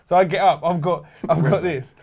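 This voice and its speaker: A man's voice: fairly high pitch, fairly even intonation, fairly quick, gravelly, darkish tone. A young man telling rowdy anecdotes in casual chat, swearing freely and laughing as he goes. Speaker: show regular.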